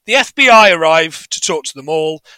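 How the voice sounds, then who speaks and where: Bright, sardonic man recapping a film. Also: a little high, lively intonation, normal speed, clear, resonant tone, no room sound. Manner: sardonic, sweary, laughs at his own jokes. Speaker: podcast co-host. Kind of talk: casual film recap chat.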